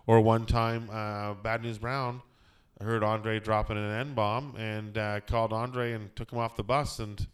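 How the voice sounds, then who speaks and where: A man's voice: fairly low pitch, flat delivery, measured pace, smooth. A man hosting a casual podcast chat, rambling through stories with lots of fillers and restarts. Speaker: podcast host.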